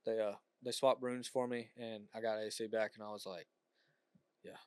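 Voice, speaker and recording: A man's voice: lowish voice, flat delivery, normal speed, smooth, dry recording. A young man co-hosting a podcast in casual chat, teasing and emphatic. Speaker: podcast co-host.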